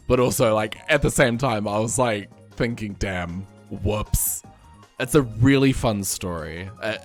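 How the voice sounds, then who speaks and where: Lively New Zealand man chatting on stream. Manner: animated storyteller, laughs often, jumps up in pitch when excited. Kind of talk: casual chat. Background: faint music.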